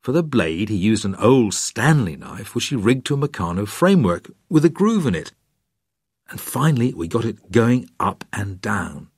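A man's voice: on the low side, sing-song, normal speed, a little mellow, slightly rough, no room sound. An older English man reading his own memoir aloud, dry and wry, acting out the dialogue. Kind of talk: scripted narration.

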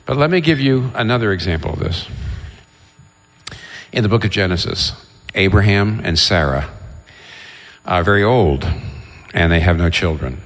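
A man preaches a sermon in a low voice, retelling Bible stories with animated energy. He briefly acts out what each character says. His words ring out with the long reverb of a large hall. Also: moderate pace, pauses often. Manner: animated storytelling, voices the biblical figures.

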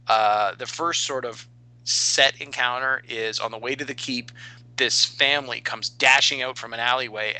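A man's voice: medium pitch, pushed and bright, low-quality recording. A man and podcast co-host chatting casually about a game session he ran, talking in a loose, rambling way with many fillers and restarts.

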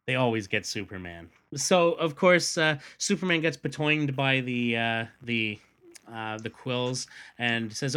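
A man's voice: mid-range voice, slow, clean tone. Chatty man retelling a comic. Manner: animated, reads characters' lines in put-on voices, laughs often. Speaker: podcast host. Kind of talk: casual chat retelling a comic.

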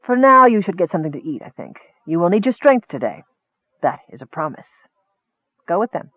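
A man voicing a cold, menacing male elf who runs an arena, speaking low and quietly threatening. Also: big pitch swings, a little fast, no room sound. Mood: cool menace. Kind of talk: audiobook character voice. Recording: thin phone-like dry sound.

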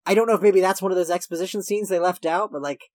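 A man co-hosting a casual movie podcast, his voice sitting a touch higher than most men's. He rambles and corrects himself as he recaps the plot. The recording is dry and close, with no room sound. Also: steady tone, quick pace, darkish tone, dry recording. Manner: rambling, self-correcting, laughs while recapping. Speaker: podcast co-host.

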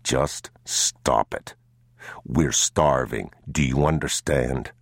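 A man voicing a weary, grim father who speaks to his son in low, clipped words in an audiobook. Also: slow pace, vocal fry, no room sound, studio quality, heavily acted.

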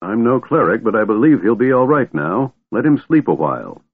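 A man reading a storybook aloud, voicing a gentle, calm middle-aged male mage who speaks kindly. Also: medium pitch, moderate pace, husky, no room sound. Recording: tinny phone-like dry sound.

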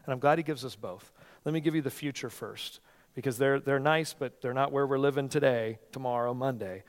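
A male pastor preaching a sermon with passion, swinging from near-shouting peaks to soft, earnest tones. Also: medium pitch. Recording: long reverb of a large hall.

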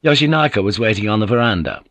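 Low-voiced man narrating a novel. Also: lively intonation, quick pace, fairly bright tone, no echo. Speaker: audiobook narrator. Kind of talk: scripted narration.

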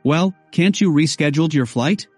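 A woman's voice: low-pitched, normal speed, a little mellow, no room sound, faint music behind. A man doing an eager young woman.

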